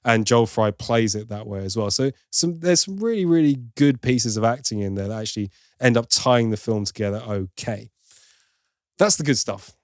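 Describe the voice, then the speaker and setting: A man's voice: fairly low pitch, normal speed, dry recording, clean studio sound. A man hosting a film review podcast, giving opinionated, wry critique in casual chat with plenty of asides.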